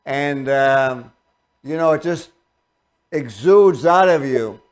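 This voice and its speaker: A man's voice: on the high side, slow. A male interview host who asks questions and pays rambling, effusive compliments. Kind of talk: casual interview talk.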